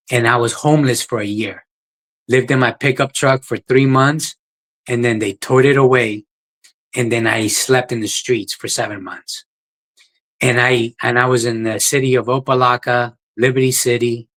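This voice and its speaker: A man's voice: mid-range voice, steady tone, normal speed, a bit bright, poor audio. A man, a podcast guest telling his life story in a plain-spoken, earnest way. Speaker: guest, ultra runner. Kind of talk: podcast interview, personal story.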